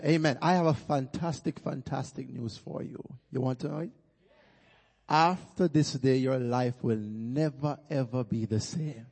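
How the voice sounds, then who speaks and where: A man's voice: medium pitch, a little slow, gravelly, a little mellow. A Jamaican man preaching as a guest pastor in a church, rousing the congregation with calls for praise. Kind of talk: sermon. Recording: long church-hall reverb.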